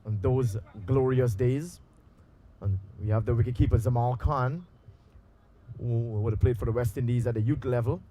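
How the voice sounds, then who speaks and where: A man calls a community cricket match live from an outdoor ground. His voice is mellow and dark. He talks loosely, pausing and filling gaps with "uh" as the play unfolds. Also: mid-range voice, slight background noise. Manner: relaxed, loose delivery with frequent pauses and filler. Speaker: cricket commentator. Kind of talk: live amateur cricket commentary. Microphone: handheld mic through a loudspeaker.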